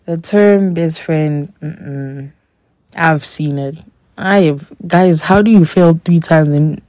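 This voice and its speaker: A woman's voice: deep voice, takes it slowly, mellow, no room sound. A woman hosting a podcast, telling a personal story in a candid, chatty way and speaking straight to her listeners. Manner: candid, chatty, acts out quoted dialogue; addresses listeners directly. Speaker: podcast host. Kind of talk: casual storytelling monologue.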